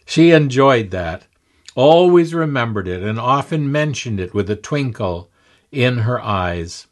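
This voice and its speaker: A man reads a story aloud at a measured, earnest pace. His voice sits at an ordinary mid pitch, steady and unhurried. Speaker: storyteller reading a testimony.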